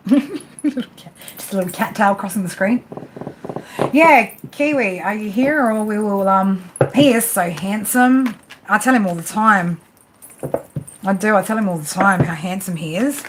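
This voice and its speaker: A woman's voice: mid-range voice, normal speed, noisy background. A woman doing casual live-stream tarot readings, chatty and laughing, swearing freely as she talks to her viewers.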